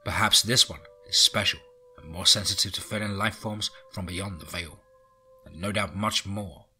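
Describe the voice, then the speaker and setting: A man reading a horror audiobook in a low, brooding way with whispered asides. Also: fairly even intonation, normal speed, bright, forceful tone, faint music behind. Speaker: audiobook narrator.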